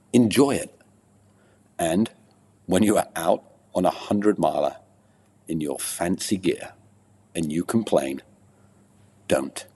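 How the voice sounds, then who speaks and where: A man co-hosting a podcast, reciting a playful comic poem with dramatic pauses. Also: low-pitched, vocal fry, darkish tone, husky, in a large hall. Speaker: podcast co-host.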